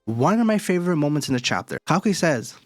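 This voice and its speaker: A man hosting a casual manga chapter review, excitable and slangy with hype outbursts. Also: fairly high pitch, fast, no room sound, studio quality. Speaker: anime reviewer, channel host.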